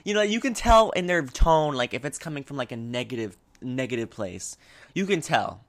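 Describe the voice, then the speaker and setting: A young man talks straight to his viewers and gives advice. He rambles, restarts his sentences and leans on fillers, and his delivery stays lively and animated. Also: mid-range voice, moderate pace. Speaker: vlogger giving advice. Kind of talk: casual advice vlog.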